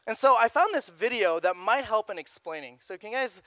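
A young man preaching a youth sermon in a casual, animated way, repeating phrases. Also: sits high, brisk, no echo. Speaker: youth pastor.

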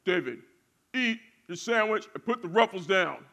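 A man voicing an angry grown man scolding a child, shouting and sputtering. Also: high voice, expressive, normal speed, gravelly, voice pushed up, full character voice.

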